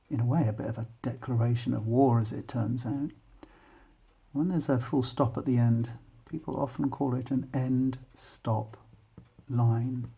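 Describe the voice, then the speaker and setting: A man with an English accent, talking students through a poem and thinking aloud in an unhurried, explanatory way. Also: mid-range voice, vocal fry, warm tone, breathy edge. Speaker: English teacher.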